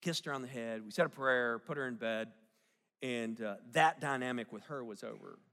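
A man's voice: mid-range voice, moderate pace, sharp tone. A middle-aged man preaching a sermon, telling a family story and often asking the congregation questions. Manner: storytelling with audience questions and jokes. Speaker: pastor. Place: church sanctuary. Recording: long hall reverb.

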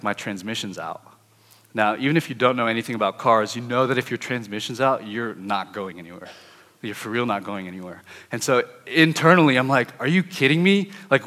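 A young man in his twenties telling a personal testimony as a sermon, animated and acting out his own thoughts. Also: medium pitch, long reverb tail. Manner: lively, animated, acts out his inner thoughts. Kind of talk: sermon-style storytelling.

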